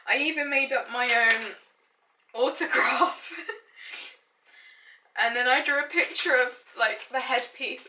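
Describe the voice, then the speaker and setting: A woman's voice: fairly high pitch, bright, forceful tone, recorded from a distance, a little hiss or hum. A woman in her late twenties, chatty and self-mocking, reading her childhood diary aloud and giggling now and then. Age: late 20s. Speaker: lifestyle blogger. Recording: echoey room, mic set back.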